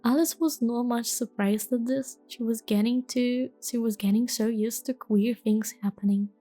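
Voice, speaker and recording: A woman reading a storybook aloud in a gentle, soft-spoken ASMR style. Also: fairly high pitch, fairly even intonation, moderate pace, faint music behind. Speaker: storybook reader.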